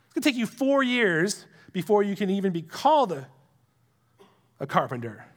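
High-voiced earnest pastor preaching. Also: male voice, very animated, moderate pace. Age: adult with young children. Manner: conversational and earnest, drops to a hush for emphasis. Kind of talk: sermon.

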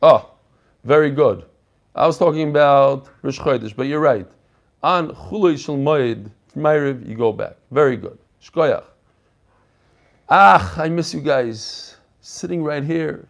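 A man teaching an online Talmud class over a video call, animated and quizzing his students. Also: a little high, takes it slowly, creaky. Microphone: computer mic on a video call.

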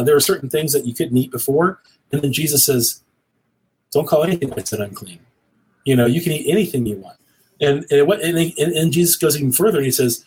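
A man's voice: fairly high pitch, slightly rough, low-quality recording. A middle-aged man talking earnestly and rambling a little, like a preacher, as a guest on a cigar show. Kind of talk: casual conversation.

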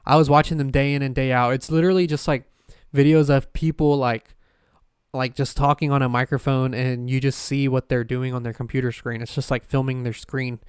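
Male podcast host, solo casual chat, rambling and profane, smooth voice, dry close mic. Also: mid-range voice, flat delivery, brisk, no echo. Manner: rambling, profane, frequent fillers and restarts.

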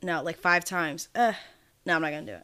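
A woman co-hosts a podcast over a video call, her deep voice sharp, clear, and resonant as she talks a little fast. The casual chat rambles, she swears freely, and she laughs often, all picked up by a remote call mic.

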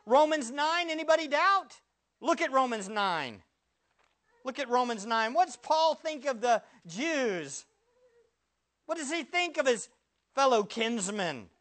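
Man preaching with sharp loud-soft swings. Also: extremely high pitch, sing-song, unhurried. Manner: rhetorical questions to the congregation, sharp swings from loud to hushed. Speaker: pastor. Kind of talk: sermon.

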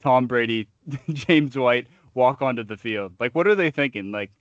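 A man's voice: mid-range voice, animated, moderate pace, no echo, lo-fi sound. A man co-hosting a sports podcast, riffing with trash talk and long comic analogies. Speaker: podcast co-host.

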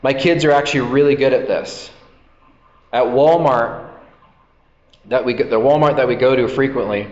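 A man's voice: medium pitch, slight background noise. A man preaching a sermon as a pastor, talking in a loose, conversational way and acting out the voices of the people in his stories. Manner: conversational, acts out quoted voices. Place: church hall. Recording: echoey hall, slightly dull sound.

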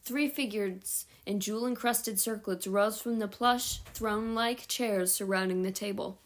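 A woman's voice: mid-range voice, a little slow. A woman reading a novel aloud at home, with small slips and self-corrections along the way. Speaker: audiobook reader.

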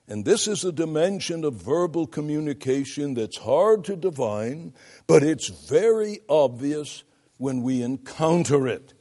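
Older man lecturing slowly with lively pitch. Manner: deliberate, emphatic, demonstrates vocal effects. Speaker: preaching instructor. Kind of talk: lecture to students of preaching.

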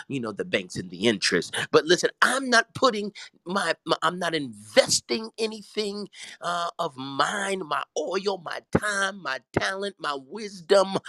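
A man's voice: a little high, a bit bright, no room sound, rough recording. A man, a pastor preaching fervently, breaking into tongues and stammering repeats as he builds. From Southern US. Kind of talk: fervent preaching on a talk show.

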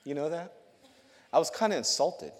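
Youth pastor, man, slightly high voice, chatty storytelling sermon with frequent laughs, recorded in a big echoing church. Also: normal speed, slight background noise. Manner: lively storytelling, laughs often, repeats words. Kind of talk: testimony sermon to a congregation. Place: church sanctuary. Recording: long hall reverb.

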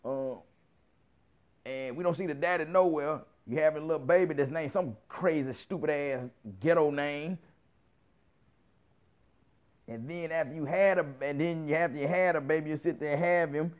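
A man's voice: a little high, a little fast, smooth. A man in his thirties telling a story in a casual rant, heavy on slang, profanity and acted-out quotes. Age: 30s. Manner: profane, animated, lots of quoted dialogue and slang. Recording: muffled lo-fi recording.

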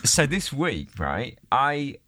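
A man's voice: mid-range voice, huge pitch swings, slow pace, sharp tone, no room sound. A man co-hosting a casual podcast, rambling, swearing and laughing a lot. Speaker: podcast co-host. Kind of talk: casual chat.

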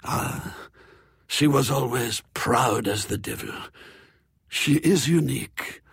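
A man voicing a proud, world-weary middle-aged French croupier who tells his past in a slow, intense confession. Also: mid-range voice, breathy edge, no echo, clean studio sound, voice pushed up, heavily acted. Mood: awed.

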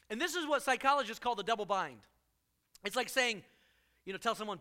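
Man, pastor preaching, high voice, very bright tone, animated, jokey, sudden loud emphasis. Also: fast talker. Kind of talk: sermon.

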